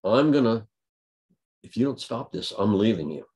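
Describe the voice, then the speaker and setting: A man putting on a fed-up husband, deep voice, scolding and complaining in a plain everyday tone. the voice sits low and steady, nothing fancy about it. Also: normal speed, close to an everyday voice. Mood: exasperated.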